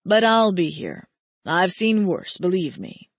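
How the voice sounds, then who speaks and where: A woman voicing a steady, protective male immortal who speaks slowly and firmly. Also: on the low side, no echo, heavily acted. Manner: slow, firm and measured.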